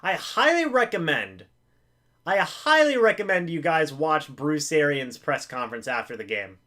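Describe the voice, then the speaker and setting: Man, fairly high voice, live game reaction host, excitable, pleading, jokey play-by-play. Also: normal speed. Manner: excitable, pleading with players, self-mocking humor.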